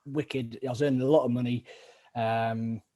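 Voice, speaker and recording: A man's voice: mid-range voice, steady tone, normal speed, warm tone. A man, an army veteran chatting casually as host, joking and acting out little scenes. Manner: chatty, swears and jokes, acts out scenes. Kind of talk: casual chat.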